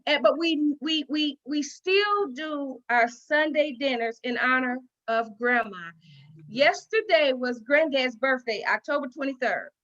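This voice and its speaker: A woman's voice: high voice, unhurried, fairly bright tone. A middle-aged woman giving a heartfelt personal speech at a women's dinner, folksy and storytelling, on a dull lo-fi recording. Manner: folksy storytelling with acted-out quotes and repetition. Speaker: guest speaker at a women's dinner. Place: dinner event venue.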